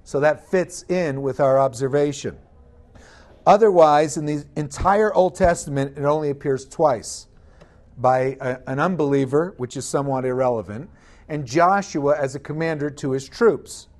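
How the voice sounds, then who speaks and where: A man's voice: on the high side, moderate pace, a little mellow. A man preaching a sermon, emphatic, asking the congregation rhetorical questions.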